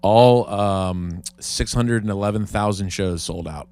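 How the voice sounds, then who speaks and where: A man co-hosting a comedy podcast, telling stories in an animated, jokey casual-chat way on a close mic. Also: on the low side. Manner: animated storyteller, quick jokey riffs. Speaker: podcast co-host.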